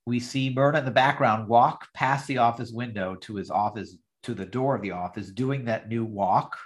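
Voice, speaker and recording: A man's voice: mid-range voice, moderate pace. A man hosting a podcast, chatting casually as he recaps a sitcom scene. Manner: animated, acts out lines in the retelling. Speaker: podcast host.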